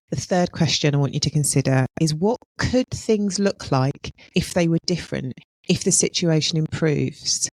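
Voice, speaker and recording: A woman hosting a solo podcast, speaking in a measured way and putting reflective questions to her listeners. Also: deep voice, no echo, rough recording. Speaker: podcast host and healthcare consultant.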